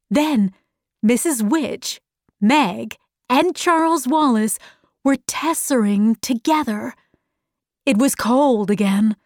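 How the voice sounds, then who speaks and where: A woman narrating a graded reader audiobook slowly and clearly. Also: sits high, darkish tone, no echo, studio quality. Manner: slow, clearly enunciated.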